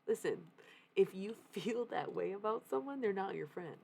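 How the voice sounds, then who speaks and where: A woman's voice: mid-range voice, lively intonation, normal speed, creaky, darkish tone, husky. A young woman livestreaming, talking candidly in a casual confessional way, swearing freely and laughing often.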